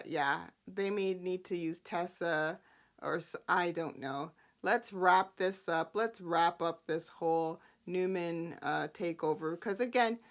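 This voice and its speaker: A woman hosting a casual soap-opera recap, sassy and animated, often breaking into character quotes. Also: lowish voice. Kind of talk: casual chat.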